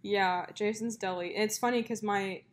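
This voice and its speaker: A woman's voice: mid-range voice, steady tone, moderate pace, a little hiss or hum. A young woman co-hosting a podcast, telling long stories in a casual chat, with plenty of fillers. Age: young adult. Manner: chatty storyteller, many fillers and likes. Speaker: podcast co-host.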